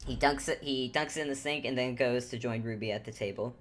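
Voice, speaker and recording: A woman casually narrating her character in a tabletop game, halting and chuckling. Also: very deep voice.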